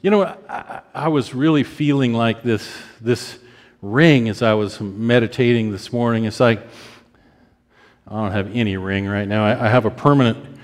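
Fifties male preacher, emotive delivery, voice lifts high at peaks, recorded in a reverberant hall. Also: steady tone, normal speed. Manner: emotive, rises to high pitch when stirred; acts out prayers of repentance. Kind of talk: sermon.

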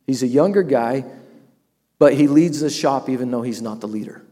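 A man's voice: mid-range voice, moderate pace, dark tone. Tearful man telling a testimony, echoey hall. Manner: storytelling, tearful at moments, laughs often. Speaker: business owner sharing a testimony. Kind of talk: emotional personal testimony.

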